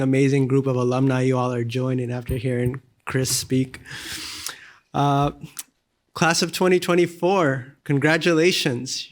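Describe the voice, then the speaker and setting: A man hosting a graduation ceremony, thanking the speaker and giving closing announcements. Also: medium pitch. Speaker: ceremony host.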